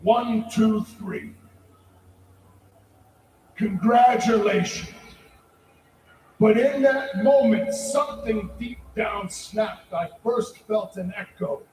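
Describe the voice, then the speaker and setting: A male pro wrestler cutting a menacing, deliberate arena promo that bursts into shouts. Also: high-pitched, a little hiss or hum. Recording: echoey arena from far off.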